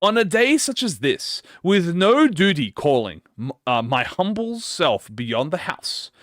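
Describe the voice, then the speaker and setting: A man's voice: on the high side, sing-song, a little slow, fairly bright tone, no room sound, studio quality. A man reading out a formal, earnest young male swordsman's lines in a solemn tone.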